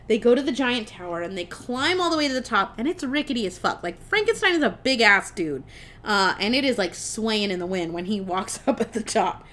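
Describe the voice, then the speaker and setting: A young woman with a slightly high voice tells a film's plot to her co-host in an animated, rambling way. She leans on "like" and casual swearing as the story builds. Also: brisk. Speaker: podcast co-host. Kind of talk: casual film recap.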